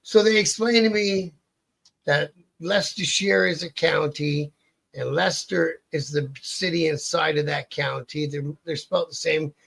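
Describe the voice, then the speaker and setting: A man tells a long, rambling story as an interview guest, cursing casually and tripping over his own sentences. His voice sits fairly high for a man and has a gravelly, husky edge. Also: fairly bright tone. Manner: rambling, profane, restarts a lot.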